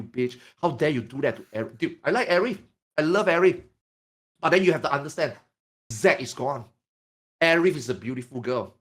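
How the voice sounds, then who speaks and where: A man from Singapore in casual podcast chat, telling stories in an animated, profane, emphatic way. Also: mid-range voice.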